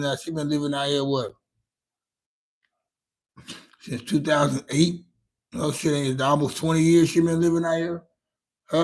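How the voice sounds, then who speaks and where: A middle-aged man with a Louisiana accent, chatting casually with his stream audience in a laid-back, rambling, profane way. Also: a little high. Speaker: livestream host answering chat. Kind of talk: casual chat.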